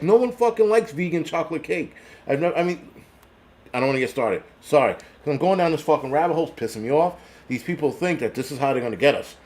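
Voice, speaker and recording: A man's voice: a little high, animated, quick pace, a little mellow. A man with a New York accent, hosting a prepper channel, who reads a list aloud and rants over it with angry, profane sarcasm.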